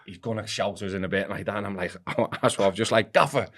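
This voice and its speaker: A man's voice: fairly low pitch, fast talker. A man guesting on a football podcast, telling a rambling story casually and acting out the voices of the people in it. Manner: animated, acts out quoted voices; rambling with restarts.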